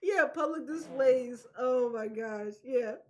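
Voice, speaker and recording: A woman's voice: high-pitched, slow, a little mellow. A woman co-hosting a podcast in casual chat, who giggles and breaks into laughter often. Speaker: podcast co-host.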